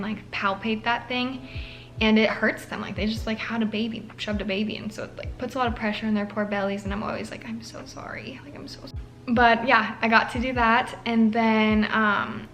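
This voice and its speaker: A woman's voice: medium pitch, fairly bright tone. A young woman, a nursing student, chatting casually to camera with lots of filler likes and an emotional, earnest manner. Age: young adult. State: tearful at moments.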